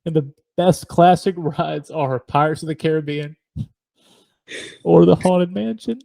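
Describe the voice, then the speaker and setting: A man's voice: fairly high pitch, measured pace, vocal fry, mellow, no echo. A middle-aged man, co-hosting a podcast in casual chat, rambling through stories, laughing often and mimicking noises. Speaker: podcast co-host.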